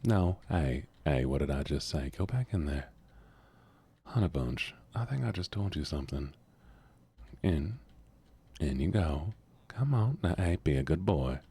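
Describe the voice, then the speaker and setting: A man's voice: rumbling low, expressive, a little slow, dark tone, breathy edge, dry recording, heavily acted. A man putting on a bossy Southern drawl. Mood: bossy coaxing. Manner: coaxing, scolding, drawled commands.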